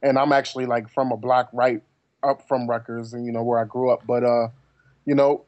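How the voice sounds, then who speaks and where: A man's voice: medium pitch, level tone, a little fast, a little mellow, no echo, muffled recording. A man from New Jersey, a podcast panelist, rambling in casual chat with lots of "you know" fillers.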